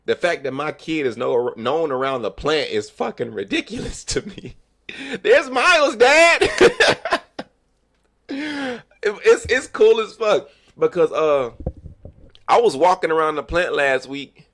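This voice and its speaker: A man livestreaming, telling animated, profane stories about work and acting out what people said. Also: on the high side, a little slow. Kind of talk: casual storytelling chat.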